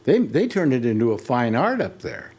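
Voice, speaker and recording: A man's voice: medium pitch, sing-song, moderate pace, a little mellow, breathy edge. An older man hosting a casual talk show, rambling through stories with many restarts. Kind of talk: casual chat.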